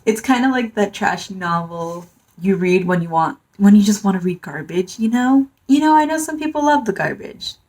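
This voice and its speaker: A woman giving a casual manga review, rambling and dry, full of fillers and sarcastic asides. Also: medium pitch. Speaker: book reviewer.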